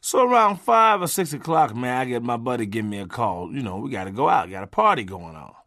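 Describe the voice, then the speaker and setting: A man telling a comic story from his own life, animated and profane, swinging from loud bursts to low asides. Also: fairly quick, no echo, clean studio sound.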